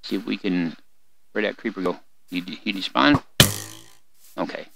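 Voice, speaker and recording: A man's voice: sits low, normal speed, vocal fry, loud music behind the voice. An older man hosting a let's play, giving rambling, folksy gameplay commentary and chatting to his in-game animals. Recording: noisy home recording with mouse clicks.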